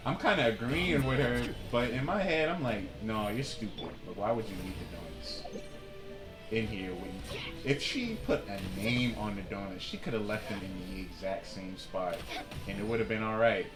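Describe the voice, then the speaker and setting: A young man streaming a game and telling a long animated story in casual slang, acting out the people in it. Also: medium pitch, roomy sound. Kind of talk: casual storytelling while gaming.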